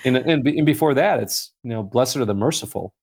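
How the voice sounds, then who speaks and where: A man talks through a faith discussion with a gravelly edge to his voice. He rambles warmly through stories, pausing often with fillers and starting sentences over. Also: medium pitch. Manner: rambling storyteller, many fillers and restarts; acts out voices in anecdotes. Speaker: guest speaker. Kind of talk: conversational faith talk.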